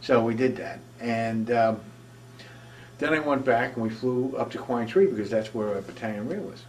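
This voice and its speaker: An older male military veteran recounts his war memories for an oral history, rambling conversationally and restarting often. His mid-range voice has a darkish tone and moderate pace, and he sounds distant from the mic.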